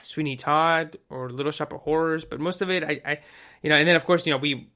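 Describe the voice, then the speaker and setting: Excitable rambling man, bright voice. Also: fairly high pitch, quick pace. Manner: rambling, excitable, lots of fillers and restarts. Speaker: podcast co-host. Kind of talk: casual chat.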